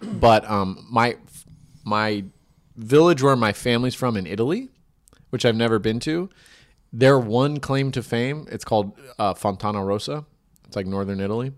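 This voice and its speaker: A man in casual comedic banter with a mid-range voice, pitched neither high nor low. He drops dry, offhand jokes and wanders into rambling asides. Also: moderate pace. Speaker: podcast co-host.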